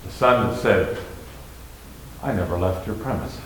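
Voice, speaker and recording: A male pastor preaching a sermon in church, moving from quiet, slow storytelling to loud, high-pitched, impassioned preaching. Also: slight background noise. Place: church sanctuary.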